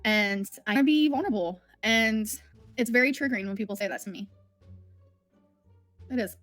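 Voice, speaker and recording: A livestream host talks from home in a casual, candid, rambling and emotional manner. Her fairly high, slightly bright voice moves at a moderate pace, with no echo and faint background music.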